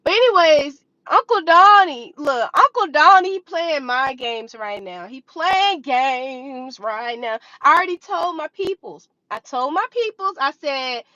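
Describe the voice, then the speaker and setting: Animated, high-voiced young woman vlogger. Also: measured pace, hardly any pauses, no echo. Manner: animated, dramatic, acts out her own reactions. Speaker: vlogger sharing stock trading experience. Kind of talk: casual storytelling to camera. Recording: slightly dull, dry recording.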